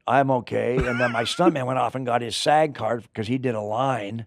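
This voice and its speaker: Gravelly older man telling stories. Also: mid-range voice, moderate pace, no echo, clean studio sound. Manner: animated, rambling storyteller. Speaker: actor guest. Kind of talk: casual interview chat.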